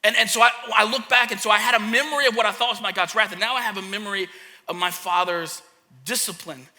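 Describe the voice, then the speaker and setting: Bright, high-voiced pastor in a hall. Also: male voice, quick pace. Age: young adult to middle-aged, a parent. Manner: animated storyteller acting out childhood scenes. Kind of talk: sermon with personal story. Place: church hall. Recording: long hall reverb.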